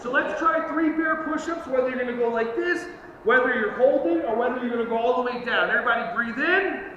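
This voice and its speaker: A man leading a live fitness workshop for teachers, energetic and joking as he coaches the group through movements. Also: extremely high pitch. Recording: echoey hall, distant lo-fi mic, noisy.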